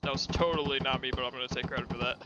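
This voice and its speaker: A man leading a squad in live gameplay, giving calm, directive radio callouts. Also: medium pitch, racing, dull audio, heavy background noise. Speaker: squad leader. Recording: loud game sounds and gunfire behind.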